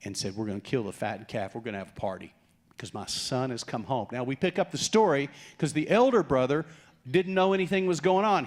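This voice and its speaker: A middle-aged man preaching a sermon, animated and acting out the voices of the people he quotes. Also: a little high. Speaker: pastor.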